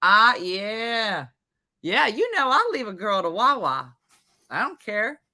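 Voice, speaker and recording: A woman's voice: medium pitch, takes it slowly. A woman hosting a morning show, chatting casually and telling a story with acted-out quotes. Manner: animated storytelling, acts out quoted voices. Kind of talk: casual chat.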